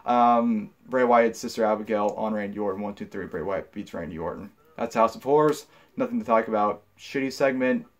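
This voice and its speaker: A man's voice: lowish voice, brisk. Casual, rambling young man reviewing. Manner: casual, rambling with many fillers and restarts; blunt and profane when annoyed. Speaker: wrestling show reviewer.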